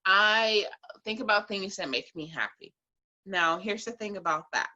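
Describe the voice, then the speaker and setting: A woman's voice: medium pitch, expressive, measured pace, pushed and bright, lo-fi sound. A woman who runs a Reiki and herbal business, answering interview questions in a blunt, chatty way and laughing often.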